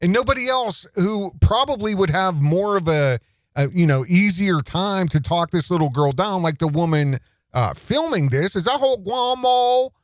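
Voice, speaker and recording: A man's voice: high-pitched, lively intonation, moderate pace, dry recording, clean studio sound. A man hosting a casual reaction commentary, rambling and indignant, with many restarts. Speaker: commentary host.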